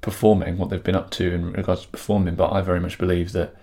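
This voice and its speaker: A man with a very low, deep voice, chatting in a relaxed and upbeat way as a podcast co-host. He talks casually about auditions and laughs easily. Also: fast. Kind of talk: casual chat.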